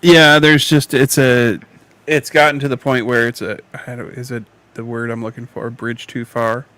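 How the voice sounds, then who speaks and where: A man co-hosting a casual podcast, hesitant and agreeable as he hunts for the right words. His voice sits at an ordinary pitch. The recording is dry, with little room sound. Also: little pitch movement, normal speed, bright, forceful tone, no echo. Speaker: podcast co-host.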